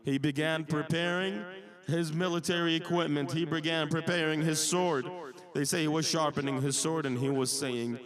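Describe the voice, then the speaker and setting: A man preaching a mourning sermon, telling the story with deep emotion and chanting lines in Arabic. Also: fairly even intonation, moderate pace, crowd noise. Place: Islamic centre hall.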